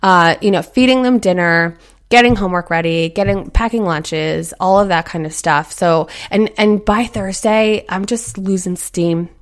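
A woman's voice: medium pitch, normal speed. A woman in her thirties hosting a casual motivational talk, chatty and earnest, acting out inner voices as she goes. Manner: earnest, encouraging.

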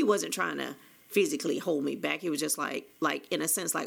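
A woman's voice: low voice, brisk, vocal fry, breathy edge. A woman candidly telling a personal story, rambling with restarts and quoting conversations as she goes. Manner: candid, rambling with many restarts and quoted dialogue. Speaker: author telling her own story.

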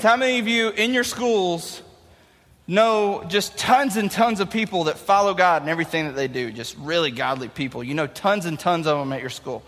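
A man in his thirties, a youth pastor preaching a sermon with animated storytelling. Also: sits high. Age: 30s. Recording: long hall reverb.

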